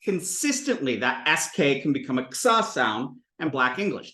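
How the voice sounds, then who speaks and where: A man from the United States lectures to a Sanskrit class in a playful, thinking-aloud way. His voice is bright and swoops up and down a lot. The room rings with echo around him. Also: medium pitch, big pitch swings, moderate pace. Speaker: Sanskrit teacher.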